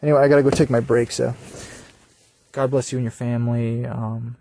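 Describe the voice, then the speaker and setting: A man's voice: mid-range voice, flat delivery, brisk, vocal fry, mellow, no echo. A young man talking in a rambling solo monologue, meandering and crude, often trailing off into mumbles. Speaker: podcaster. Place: at work during a shift.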